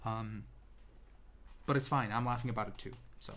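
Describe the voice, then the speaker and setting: Seated indoors, a young vlogger tells a personal story to the camera, rambling and poking fun at himself with lots of ums and restarts. His voice is on the low side and fairly bright, with fairly even intonation at a moderate pace, and there's a little background noise.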